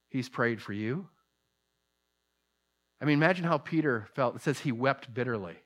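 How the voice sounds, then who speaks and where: A man preaching a sermon, who rises to loud, emphatic peaks and then drops to soft, low asides.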